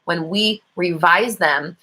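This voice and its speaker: A woman's voice: lowish voice, slow pace, bright, forceful tone. A young woman hosting a casual live stream, reading viewer comments aloud and coaching them with playful scolding and frequent laughs. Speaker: host of a live manifesting stream.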